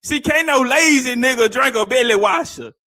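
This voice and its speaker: A man reacting to a clip with loud, laughing, profane banter. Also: extremely high pitch, moderate pace. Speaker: reaction streamer. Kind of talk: casual reaction commentary.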